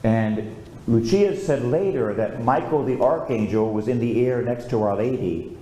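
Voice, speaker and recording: A man's voice: mid-range voice, measured pace, dark tone. An older man, a priest, preaching a storytelling sermon and calling out for amens. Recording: echoey room with faint ambience.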